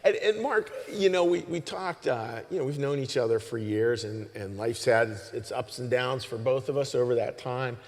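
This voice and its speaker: A male pastor talks to his congregation from a church stage in a loose, conversational way, often restarting his sentences and adding "you know". His voice is of middling pitch, and a long hall reverb trails after it. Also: normal speed, few pauses. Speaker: pastor hosting the service. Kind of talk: informal sermon talk to a congregation.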